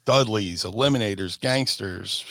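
A middle-aged man, a former wrestler telling lively stories on a podcast and acting out voices. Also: on the low side, measured pace. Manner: animated, acts out voices and shouts in stories. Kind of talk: casual storytelling.

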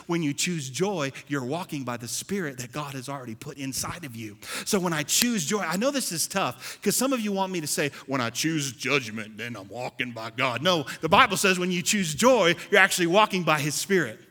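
A man preaching a sermon as pastor, animated, swinging between loud and soft and acting out churchgoers. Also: high-pitched, brisk, few pauses. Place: church sanctuary. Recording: long hall reverb.

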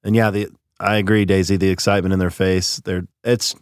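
A man's voice: low-pitched, flat delivery, a little fast, smooth, dry recording, clean studio sound. A man co-hosting a podcast, chatty and laughing, reading out listener comments and the show outro. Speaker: podcast co-host. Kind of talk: casual political chat.

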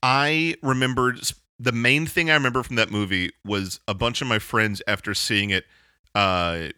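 A man's voice: medium pitch, moderate pace, pushed and bright, clear, resonant tone, dry recording, studio quality. A man co-hosting a podcast, chatting casually and jokily, often breaking into silly voices to quote people. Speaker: podcast co-host. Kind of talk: casual comedic chat.

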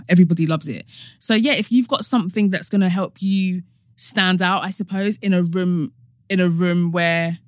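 A young woman with a fairly low voice chats on a podcast, agreeing often and rambling as she thinks aloud. The recording is dry and close. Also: no room sound. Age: young adult. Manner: agreeable, frequent yeahs, rambling. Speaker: podcast co-host. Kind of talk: casual chat.

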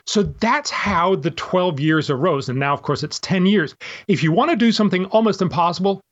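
Man, fairly high voice, patient explainer, muffled lo-fi audio. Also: moderate pace. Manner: explains with examples and quoted hypotheticals. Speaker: author and guest. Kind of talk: interview answer.

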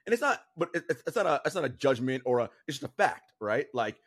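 A man's voice: medium pitch, fast, slightly rough. Guy cohosting a chatty sneaker show, voice swings up and down a lot, keeps restarting his words. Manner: animated, rambling, repeats words while thinking. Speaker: podcast co-host. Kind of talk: casual chat.

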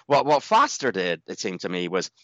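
A man with a low voice co-hosts a boxing podcast, swinging his pitch around in a lively, playful way as he breaks down a fight. The sound is a little dull and lo-fi, with a dry, close feel. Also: moderate pace, no room sound. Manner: playful, puts on a jokey mock accent at times. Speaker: podcast co-host. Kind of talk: casual podcast chat and boxing analysis.

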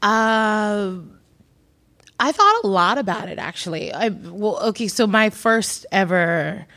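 A woman in her thirties is chatting in an interview. She tells rambling, lively stories and laughs often between lines. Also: mid-range voice, slow. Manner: rambling, animated storytelling with laughter. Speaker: director being interviewed. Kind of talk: casual interview chat.

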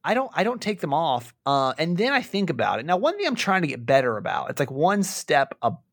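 A young man hosting a podcast in casual chat, animated and laughing, with frequent stammered restarts. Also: a little high, brisk, no room sound, clean studio sound. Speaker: podcast host.

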